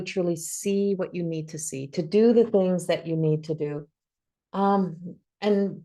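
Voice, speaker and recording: A woman's voice: on the low side, mellow. A woman reading tarot cards for a forecast to camera, talking earnestly with repeats and restarts, encouraging her viewers. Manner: earnest, repetitive, encouraging, thinks aloud with restarts. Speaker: psychic reader. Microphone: camera, solo video.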